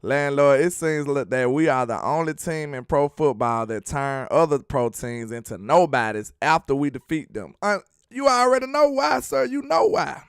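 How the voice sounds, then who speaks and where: Animated, slangy male fan-show host. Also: fairly high pitch, normal speed, creaky, hardly any pauses, clean tone, no echo, clean studio sound. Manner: animated, slangy, talks to viewers as y'all. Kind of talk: casual fan commentary with clips.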